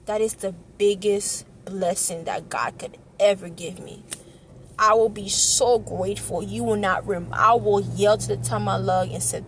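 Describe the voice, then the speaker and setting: A woman's voice: medium pitch, steady tone, normal speed, fairly bright tone, slight background noise. A young woman vlogging in an earnest, passionate way, often repeating herself. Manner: earnest, passionate, repetitive, tearful at times. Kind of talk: emotional personal vlog.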